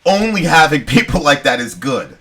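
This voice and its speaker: Bright-voiced man telling a rambling story. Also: a little high, very animated, moderate pace. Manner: rambling, frequent "you know what I'm saying", swears freely. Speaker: podcast co-host. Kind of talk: casual personal storytelling.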